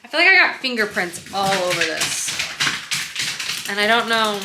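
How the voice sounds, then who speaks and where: A woman's voice: medium pitch, sing-song, normal speed, reverberant, noisy background. A woman book vlogger chatting casually at home, enthusiastic and full of "like" fillers. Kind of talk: casual vlog chat. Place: home under construction, indoors.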